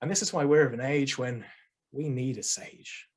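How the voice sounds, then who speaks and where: Male contest speaker, husky mid-pitched voice, deliberate oratory with pauses, video-call sound. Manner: measured, oratorical, dramatic pauses. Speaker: speech contestant. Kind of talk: competition speech.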